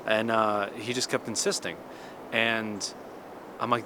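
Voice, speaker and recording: A man's voice: on the low side, a little slow, background noise. A man in his thirties telling a story in a casual, chatty vlog monologue, with lots of restarts and "like". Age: 30s. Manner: chatty, animated, many restarts and "like". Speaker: vlogger.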